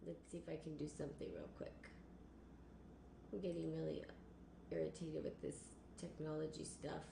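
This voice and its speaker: A woman's voice: sits low, little pitch movement, moderate pace, gravelly. A woman hosting a casual spiritual live stream, rambling and repeating phrases as she talks to her viewers. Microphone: computer or phone on a live stream. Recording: echoey room with faint noise.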